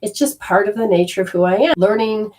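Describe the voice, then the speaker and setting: A middle-aged woman from Australia telling a personal story in a casual way, acting out her own inner voices with sudden jumps in pitch. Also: brisk, a little mellow. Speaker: energy healing teacher.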